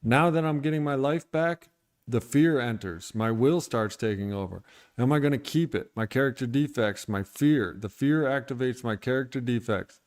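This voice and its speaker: A man speaks straight to his stream audience in an irritated, venting mood, blunt and sometimes profane. His voice is smooth and resonant, sitting at an ordinary middle pitch. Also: normal speed, darkish tone. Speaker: recovery streamer. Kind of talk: candid livestream monologue.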